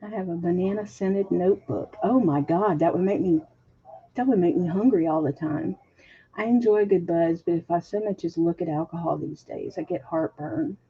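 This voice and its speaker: A woman hosting a casual livestream, reading viewer comments aloud and chatting with a husky voice. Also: on the low side, normal speed. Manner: chatty, laughs often, reads chat aloud. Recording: dull lo-fi stream audio.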